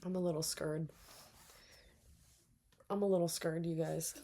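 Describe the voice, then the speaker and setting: A young woman giving casual let's-play commentary, reacting out loud, muttering to herself and swearing a lot. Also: sits low, steady tone, a little slow. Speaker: gaming streamer.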